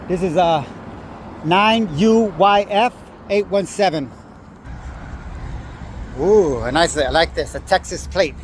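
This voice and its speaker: A tired man giving profane, confrontational street commentary while filming cars and slowly reading out their plates on a phone camera. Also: high voice, background noise.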